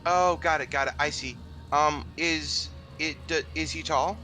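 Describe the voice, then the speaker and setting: Man doing a bright, raised, fast-talking rat, stammering and nervous. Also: a little high, fairly even intonation, soft background music, voice pushed up, low-quality recording. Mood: flustered. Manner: rapid, stammering, rambling.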